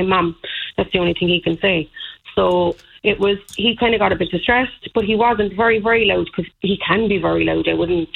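Over a tinny phone line, an Irish woman in her thirties calls in to a radio show and tells a story, rambling and indignant, with many fillers. Her mid-range voice is creaky and husky.

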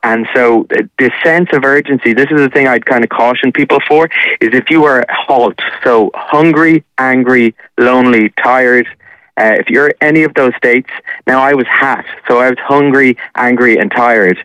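A man's voice: mid-range voice, normal speed, a bit bright, no room sound, poor audio. A man, a journalist calling in to a radio show, telling a personal story in a rambling way with many fillers. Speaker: caller, journalist.

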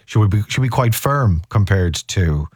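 A man hosts a casual chat, his voice sitting low. He rambles and restarts his sentences a lot, and the sound is close and dry, with no room around it. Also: expressive, breathy edge, dry recording. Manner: rambling, halting, many restarts. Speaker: interviewer.

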